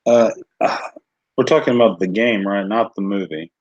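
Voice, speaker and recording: A man's voice: lowish voice, moderate pace, dry recording, muffled recording. A man chatting casually on a livestream, rambling and searching for words. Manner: rambling, lots of fillers and restarts.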